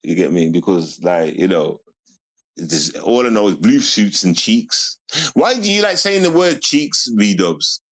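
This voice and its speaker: A man's voice: sits low, sing-song, unhurried. A young man ranting on a casual livestream, mocking and repetitive as he talks to his chat.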